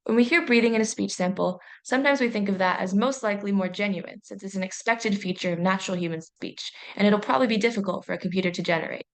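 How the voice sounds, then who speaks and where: A young adult woman presents a university training course in a clear, measured voice. Her pitch sits in the middle range, and she explains each point steadily and carefully.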